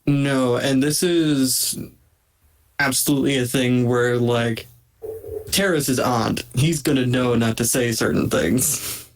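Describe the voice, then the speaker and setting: A man's voice: mid-range voice, steady tone, takes it slowly, rough recording. A man playing a tabletop game, casually describing what his character does, with lots of fillers. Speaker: player.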